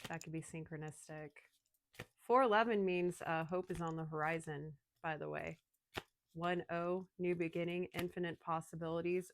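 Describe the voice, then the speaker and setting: A woman giving an emotional, excitable channeled tarot reading, speaking straight to her viewers. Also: on the low side, slight background noise. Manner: emotional, excitable, addresses listeners as darling. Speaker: tarot reader.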